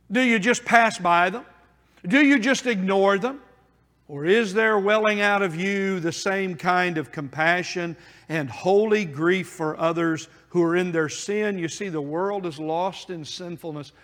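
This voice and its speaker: A man's voice: sits high, measured pace, fairly bright tone. A man preaching a sermon in an earnest, pleading way, with emphatic repeated phrases. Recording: long hall reverb.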